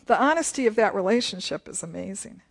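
A woman's voice: on the high side, expressive, moderate pace, slightly rough. A woman leading a Bible study, reading scripture aloud and chatting about it, laughing often.

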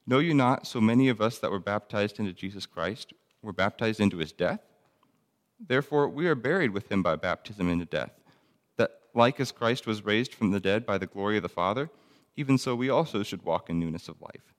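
Low-voiced man teaching scripture in a hall. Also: lively intonation, a little fast. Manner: conversational, reads scripture aloud, frequent ums and restarts. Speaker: Bible teacher. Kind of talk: casual Bible teaching.

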